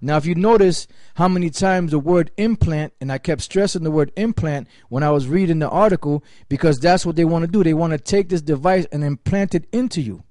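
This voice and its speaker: A man's voice: a little high, brisk, few pauses, mellow, dry recording, studio quality. A man preaching and teaching emphatically, reading scripture aloud as he explains it. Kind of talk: sermon-style teaching.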